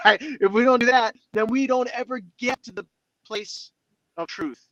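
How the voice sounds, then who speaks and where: A man with a fairly high voice talks as an interview guest in a lively, motivational way, playing out inner dialogues as he goes. The sound is dry and close, with no room around it. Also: moderate pace, no echo, low-quality recording. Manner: expressive, acts out inner dialogues in other voices. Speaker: guest speaker.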